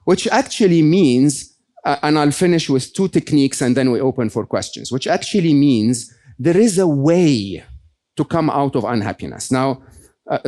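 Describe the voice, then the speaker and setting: A man giving a motivational stage talk to a live audience, animated and often checking in with "okay?" and "right?". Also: medium pitch, normal speed. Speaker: guest speaker.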